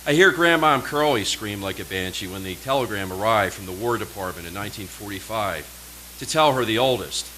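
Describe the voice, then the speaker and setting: Dramatic low-voiced male poet. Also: animated, pushed and bright, a little hiss or hum, rough recording. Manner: measured, dramatic delivery with slow emphatic pauses. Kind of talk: live poetry performance. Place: small live performance venue.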